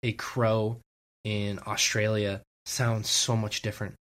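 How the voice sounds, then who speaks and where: A man's voice: fairly low pitch, little pitch movement, slow pace, a bit bright. A man co-hosting a podcast, talking eagerly in long, rambling explanations. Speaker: podcast co-host. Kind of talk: casual podcast chat.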